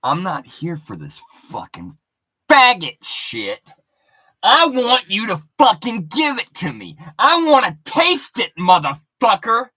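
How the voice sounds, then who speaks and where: A man voicing a pushy, aggressive woman who makes crude, loud demands. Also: sits high, wildly swooping pitch, takes it slowly, slightly rough, no echo, exaggerated voice. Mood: demanding.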